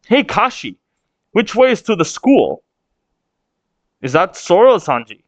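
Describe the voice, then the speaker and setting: A man's voice: sits high, big pitch swings, unhurried, dry recording, muffled recording. A man hosting a casual manga read-along reaction, rambling with restarts and casual swearing.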